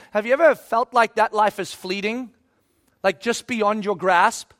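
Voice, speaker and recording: High-voiced man preaching a sermon. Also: animated, measured pace, fairly bright tone. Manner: emphatic, repeats himself, acts out quotes. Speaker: pastor.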